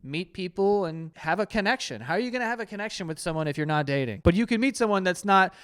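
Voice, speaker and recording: A man's voice: sits high, animated, fast talker, a bit bright, smooth. A man reacting to dating advice in a loose, crude, joking way, often laughing and doing mock voices. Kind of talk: casual reaction commentary.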